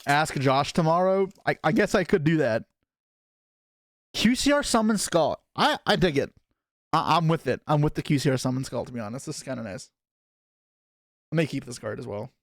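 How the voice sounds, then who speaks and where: A young man streams live, talking casually and answering his chat as he opens card packs. His voice sits fairly high and swings up and down a lot. The sound is close and dry, with no room in it. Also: animated, dry recording. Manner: chatty, reacting to chat, quick asides.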